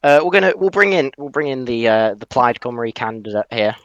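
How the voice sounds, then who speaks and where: A man co-hosting a casual livestream, repeating himself as he brings in guests and swearing loudly at results. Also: mid-range voice, lively intonation, brisk, no room sound, lo-fi sound. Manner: stumbling restarts, swearing angry outbursts. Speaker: co-host.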